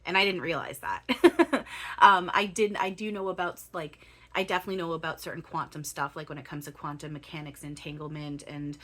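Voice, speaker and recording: A woman in her thirties talks to her own camera in a loose, searching way, pausing often with ums as she looks for her words. Her voice sits very low and still sounds freshly woken. It comes across as an unscripted spiritual monologue. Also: fairly even intonation, fairly bright tone. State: voice still waking up. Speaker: spiritual channeler.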